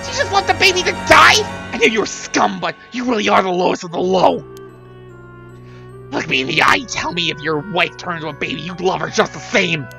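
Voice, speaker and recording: A streamer voicing a hostile investigator from a game, shouting contemptuous accusations at a killer. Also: mid-range voice, big pitch swings, brisk, vocal fry, music in the background, pitched above the performer's own voice. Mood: scornful. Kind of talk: reading game dialogue aloud on a stream.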